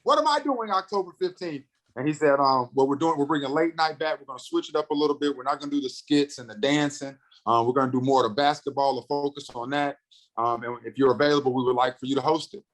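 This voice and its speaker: A comedian from North Carolina, a man in his thirties, telling a story in a casual interview with lively, animated delivery that acts out the other people's lines. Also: mid-range voice, poor audio. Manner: animated storyteller, acts out quotes, fast bursts. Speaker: comedian and radio host, podcast guest.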